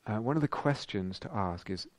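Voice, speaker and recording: A man with a lowish, animated voice delivers a thoughtful dharma talk as a meditation teacher at a retreat, recorded with no echo in the centre's meditation hall. He often pauses and starts over as he looks for the right words.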